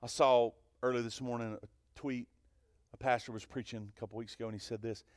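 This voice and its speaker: Male pastor, mid-pitched, lively sermon delivery, dry close sound. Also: fairly quick, no echo. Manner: animated, swings between loud and hushed; asks the congregation questions. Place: church sanctuary.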